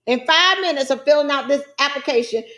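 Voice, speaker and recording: High-voiced chatty woman. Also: brisk, bright, forceful tone. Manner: folksy, chatty, calls viewers guys and child. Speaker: trucking business coach. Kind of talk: screen-share tutorial.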